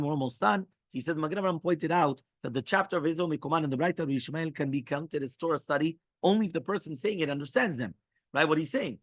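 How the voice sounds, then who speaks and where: Fast-talking rabbi reading and explaining a text. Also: male voice, fairly high pitch, a bit bright, dry recording. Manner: reads quoted passages, then breaks in with quick asides and "right?". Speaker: rabbi teaching halacha.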